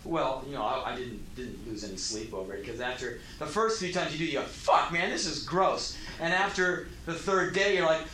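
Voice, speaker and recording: A man telling spoken word stories, animated, bursting into shouted impressions and mock laughs. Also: medium pitch, fairly quick, hardly any pauses, a little hiss or hum. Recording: roomy echo.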